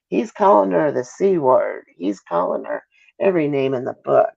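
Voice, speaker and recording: A middle-aged Midwestern woman giving an emotional interview as a mother. She talks haltingly, breaks off and apologizes, with a gravelly edge to her voice. The call audio sounds dull and lo-fi. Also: deep voice, expressive.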